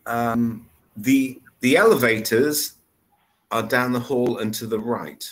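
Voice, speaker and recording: In an online one-on-one session, a man teaches English, patiently breaking things down step by step. His voice sits mid-range and his pace is slow.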